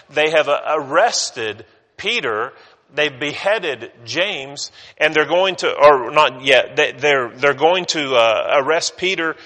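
A man preaching a sermon in a church, with a bright, ringing voice. He talks to the congregation like a conversation and acts out the people in his scripture passages. The sound has a long hall reverb. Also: on the high side.

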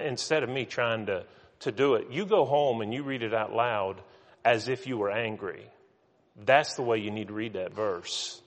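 A man's voice: mid-range voice, fairly bright tone, long reverb tail. A man preaching a sermon with earnest emphasis, often restarting his words. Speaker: pastor.

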